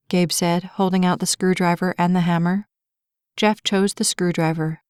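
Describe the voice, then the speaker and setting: A woman narrating an inspirational romance audiobook in a clear, measured storytelling voice. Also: on the low side, level tone, darkish tone, dry recording, clean studio sound.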